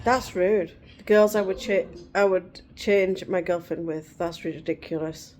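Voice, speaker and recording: A woman's voice: on the low side, fairly even intonation, measured pace, darkish tone. A middle-aged woman vlogging in casual chat, rambling and digressive.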